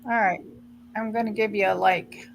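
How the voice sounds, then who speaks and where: A woman's voice: medium pitch, steady tone, moderate pace, vocal fry, slight background noise, rough recording. A middle-aged woman, chatting casually on a live stream with her daughter and talking to viewers. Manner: chatty, a bit scattered, talks to viewers. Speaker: vlog host. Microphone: computer mic on a live stream.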